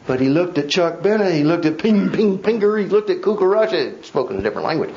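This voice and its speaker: A man's voice: high-pitched, sing-song, quick pace, darkish tone, highs cut off. A male pastor giving a Bible study sermon, emphatic and conversational, with wry asides to his congregation. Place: church.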